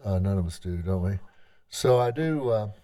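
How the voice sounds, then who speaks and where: A man, a tribal government leader, giving an unscripted address to a legislative session, speaking in a halting, conversational way with frequent restarts. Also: low-pitched, lively intonation, dark tone.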